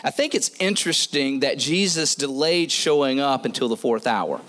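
A man's voice: mid-range voice, animated, moderate pace, fairly bright tone. A man preaching a sermon in a conversational way, often repeating phrases for emphasis.

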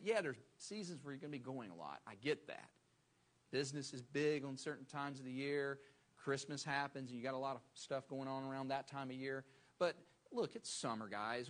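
A man's voice: medium pitch, lively intonation, moderate pace, fairly bright tone. A male pastor preaching a sermon, emphatic and repeating phrases for stress.

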